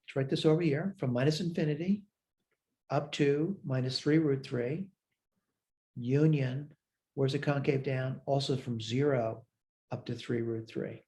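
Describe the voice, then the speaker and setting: A man with a mellow, darker tone walks through a math lecture step by step. He thinks aloud and checks his own work as he goes. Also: medium pitch, steady tone, unhurried. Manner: talks through worked steps aloud, self-checking. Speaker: math instructor.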